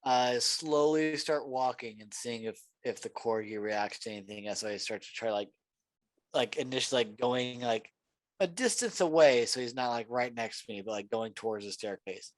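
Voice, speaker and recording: A man's voice: medium pitch, moderate pace, no room sound. A young man playing in a tabletop game, talking casually and full of "like" and restarts. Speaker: player.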